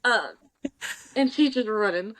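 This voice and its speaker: A woman's voice: medium pitch, animated, unhurried. A woman in her thirties, an author, talking casually and openly as a guest in a remote interview and laughing often. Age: 30s. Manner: chatty, laughing often, speaking in quoted inner dialogue.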